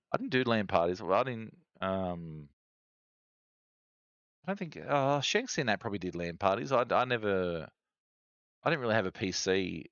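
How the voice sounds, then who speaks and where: A low-pitched Australian man in his forties chats loosely on a stream, wandering between thoughts with plenty of ums and restarts. The sound is dry and a little dull, as from a modest home setup. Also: a bit bright, no echo. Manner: rambling, chatty, many fillers and restarts. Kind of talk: casual stream chat.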